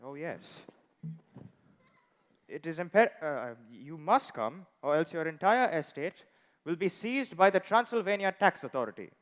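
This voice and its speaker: Male actor as a dry comic messenger; high, lively pitch; stage hall echo. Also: unhurried. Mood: deadpan. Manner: dry, comic timing, sudden loud calls. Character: deadpan male telegram messenger. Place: theatre stage. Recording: reverberant hall.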